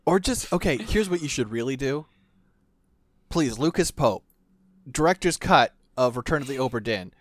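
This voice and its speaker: A man's voice: mid-range voice, normal speed, no room sound. Man rambling in dry casual chat. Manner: rambling, animated, with restarts. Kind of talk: casual chat about a video game.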